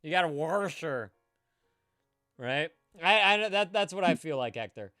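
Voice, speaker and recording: A man's voice: a little high, expressive, moderate pace, pushed and bright, no room sound, clean studio sound, faint music behind. A man co-hosting a live stream, joking around, laughing often and swearing casually. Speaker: co-host.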